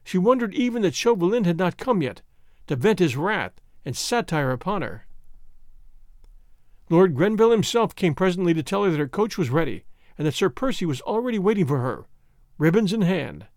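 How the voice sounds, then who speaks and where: A man reading a classic novel aloud as an audiobook narrator, with expressive storytelling. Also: sits high, moderate pace, no room sound, clean studio sound.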